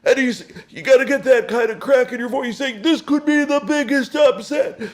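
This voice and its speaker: A man doing an impression of an excitable older male basketball announcer with a crack in his voice. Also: extremely high pitch, normal speed, pitched above the performer's own voice. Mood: hyped. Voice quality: crackly shouting voice.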